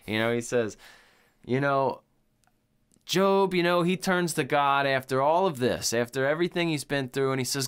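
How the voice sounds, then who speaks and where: A man's voice: medium pitch, moderate pace, a bit bright, smooth. A man co-hosting a podcast in casual chat, rambling and swearing, with lots of "like" and "you know". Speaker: podcast co-host.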